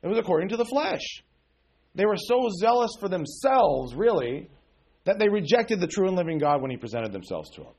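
Husky man preaching a casual sermon. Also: sits high, sing-song, brisk, darkish tone. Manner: conversational preaching with frequent "okay?" and call-and-response questions. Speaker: pastor.

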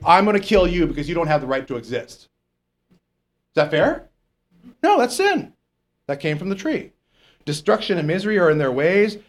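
A male pastor preaches in a church, his voice sitting a little high and swinging widely in pitch. He keeps putting questions to the congregation and checking in with "okay?" as he goes. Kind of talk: sermon.

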